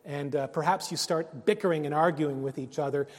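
A man preaching a sermon, earnest, rising to loud emphasis and dropping to hushed phrases. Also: on the high side, brisk. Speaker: pastor. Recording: long reverb of a hall.

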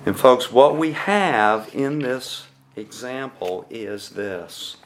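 A man preaching a sermon to his congregation, deliberate and measured, posing rhetorical questions to his listeners. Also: mid-range voice, lively intonation, a little hiss or hum. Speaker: pastor.

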